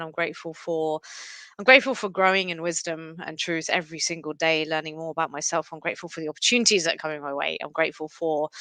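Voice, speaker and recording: A woman's voice: deep voice, sharp tone, clean tone, no echo. A woman co-hosting a casual chat show, earnest and reflective, laughing often as she talks. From England. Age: adult. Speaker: co-host.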